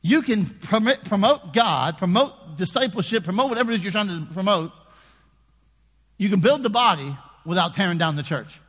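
Animated preacher with a husky voice. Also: male voice, high-pitched, normal speed, big-room sound. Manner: conversational preaching that swings from hushed asides to shouted emphasis. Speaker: pastor. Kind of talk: sermon.

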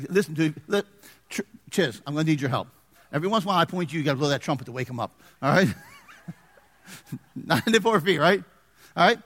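A man preaching a sermon as pastor, animated and joking with the congregation in church. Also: fairly high pitch, in a large hall.

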